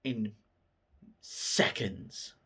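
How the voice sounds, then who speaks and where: Man, casual film recap, swears freely, slow delivery. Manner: profane, excited storytelling. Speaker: film reviewer.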